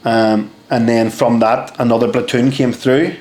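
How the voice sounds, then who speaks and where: A young man, a podcast guest telling stories in casual chat, lively and swearing freely as he acts out what people said. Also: mid-range voice, measured pace. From Northern Ireland. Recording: roomy echo.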